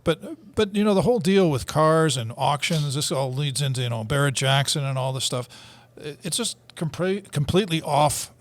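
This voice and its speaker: A man's voice: on the high side, lively intonation, moderate pace, few pauses, a little hiss or hum. A man co-hosting a casual podcast chat, reading out car prices and quizzing the others. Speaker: podcast co-host.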